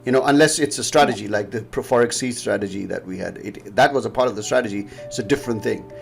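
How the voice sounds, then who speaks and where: A man's voice: lowish voice, fast talker, gravelly, soft background music. A man from Pakistan with a Pakistani English accent, casually walking through market charts in a rambling, explanatory way. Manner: rambling, explanatory, laughs often. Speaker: trading educator. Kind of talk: casual chart-analysis chat.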